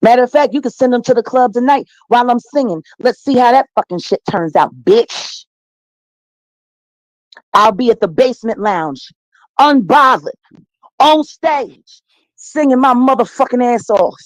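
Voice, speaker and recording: A woman's voice: a little high, normal speed, dry recording, poor audio. A middle-aged woman telling a heated story in an interview, swearing freely and combative. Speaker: interview guest. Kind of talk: profane phone interview.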